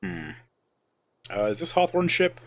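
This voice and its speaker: A man's voice: fairly high pitch, sing-song, measured pace, vocal fry, fairly bright tone, no echo. A man streaming a video game, chatting casually and reacting to viewers' comments.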